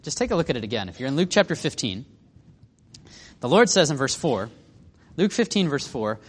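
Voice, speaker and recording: A man's voice: mid-range voice, big pitch swings, a little fast, breathy edge, in a large hall. A man teaching a Bible lesson in a conversational way, putting questions to his listeners.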